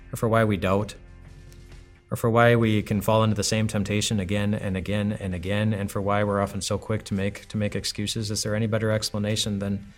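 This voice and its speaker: A man giving a conversational, reflective devotional sermon as a pastor, full of rhetorical questions. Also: fairly low pitch.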